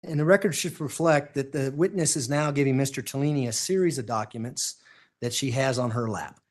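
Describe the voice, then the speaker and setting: A man's voice: medium pitch, brisk. A man cross-examining a witness in court, pressing his questions insistently and demanding answers. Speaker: prosecutor.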